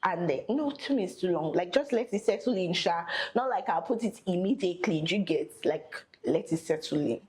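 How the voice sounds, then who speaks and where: Casting: young woman, low voice, chatty get-ready-with-me makeup vlogger. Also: animated, a little fast, few pauses, a little mellow, rough recording. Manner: chatty, thinking aloud while applying makeup. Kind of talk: casual get-ready-with-me chat.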